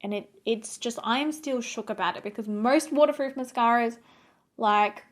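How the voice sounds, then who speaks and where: A woman's voice: a little high, normal speed. A young woman in a chatty, playful get-ready-with-me video who drifts off topic as she talks through her makeup. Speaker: beauty vlogger. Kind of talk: casual get-ready-with-me chat.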